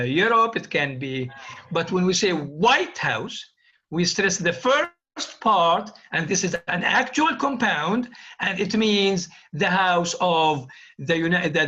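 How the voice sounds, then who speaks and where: A man with a high, bright voice teaches linguistics online in an unhurried, deliberate way. He repeats example words over and over to make his point. The sound is muffled and lo-fi, as through a call. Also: lively intonation. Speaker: linguistics lecturer. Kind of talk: online university lecture.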